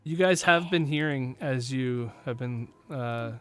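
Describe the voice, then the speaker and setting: A man running a tabletop fantasy game as game master, relaxed and quick to laugh, with plenty of fillers. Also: medium pitch, smooth, faint music behind.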